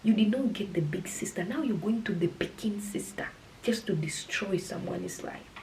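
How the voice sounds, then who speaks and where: A woman's voice: mid-range voice, moderate pace, vocal fry, a little hiss or hum, low-quality recording. Chatty young woman telling her story. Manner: slips often into hushed whispers; animated, chatty retelling. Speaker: vlogger. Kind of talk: casual storytime vlog.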